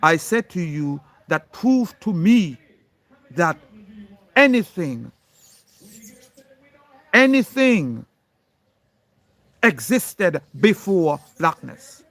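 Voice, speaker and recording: A man with a fairly high voice delivers an impassioned, preachy monologue at a slow, deliberate pace. He speaks straight to a critic and hammers single words for emphasis. He sounds insistent and certain throughout. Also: sing-song. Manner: preachy, addressing an unseen critic directly.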